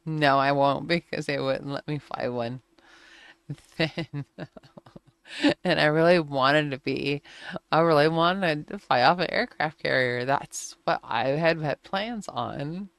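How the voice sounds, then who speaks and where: Gravelly-voiced chatty woman streamer. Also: sits low, fairly bright tone, no echo. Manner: chatty storytelling, laughs often, acts out quotes. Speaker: gaming streamer. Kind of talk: casual chat while playing a flight game.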